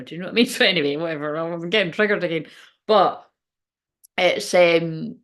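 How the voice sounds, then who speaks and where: A woman's voice: on the low side, brisk. Rambling woman swearing on a livestream. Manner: rambling, swears freely, self-interrupting. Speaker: spiritual channel host. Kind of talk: casual livestream chat.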